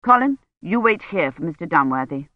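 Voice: mid-range voice, sing-song, fairly quick, dry recording, lightly acted. Reader doing a worn-out older lady doctor, clipped and weary, kinda muffled. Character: tired grey-haired woman doctor, brisk and worried.

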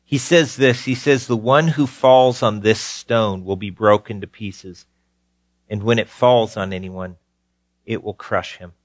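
A man preaching a sermon, earnest, repeating key phrases for emphasis and swinging from rising urgency to quiet low tones. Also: steady tone, measured pace, no room sound, clean studio sound. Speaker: pastor.

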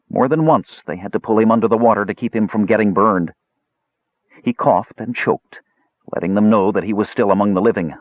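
A man narrating a fantasy audiobook in a measured, expressive reading. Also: low voice, dry recording. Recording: dull lo-fi dry recording.

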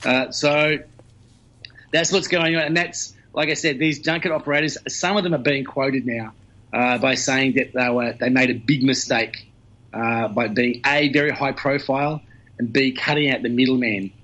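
Brief: male news commentator, mid-pitched, talkative, heard over a dull lo-fi remote line. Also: steady tone, moderate pace, a bit bright. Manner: talkative, explains at length with fillers.

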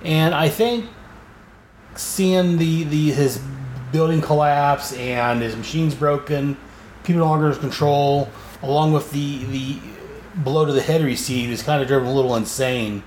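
A man's voice: fairly high pitch, unhurried, a little mellow, slight background noise. A man hosting a podcast, rambling through a casual comic book recap. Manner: rambling, with fillers and restarts. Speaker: podcast host. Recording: echoey room, faint ambience.

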